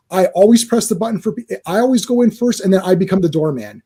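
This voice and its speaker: Male podcast host, husky voice, animated storyteller who restarts often. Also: high-pitched, fast. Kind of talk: casual chat.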